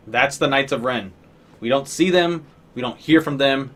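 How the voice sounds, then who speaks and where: A man's voice: medium pitch, normal speed, fairly bright tone. A man giving an exasperated, profane, sarcastic rant as a movie reviewer. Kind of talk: ranting film review.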